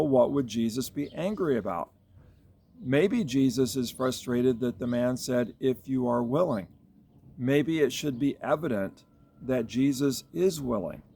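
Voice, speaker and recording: A man speaks as a pastor in a devotional Bible talk, with a gravelly edge to his voice. He reflects slowly and thinks aloud, pausing on fillers and restarting his phrases. A faint hiss sits behind the recording. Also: mid-range voice, darkish tone.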